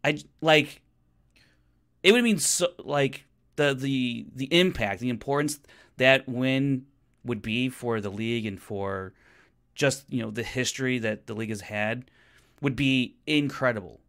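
A man co-hosting a podcast in casual chat, animated and often restarting his sentences. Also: mid-range voice, a little slow. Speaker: podcast co-host.

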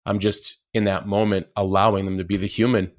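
Man, podcast guest, lowish voice, animated, acts out inner dialogue. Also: a little fast, no room sound. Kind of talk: casual conversation.

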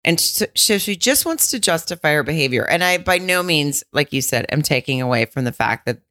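A woman's voice: deep voice, expressive, a little fast, pushed and bright. A woman co-hosting a podcast, chatting casually and acting out quotes with some swearing. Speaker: podcast co-host. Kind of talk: casual chat recapping a reality show.

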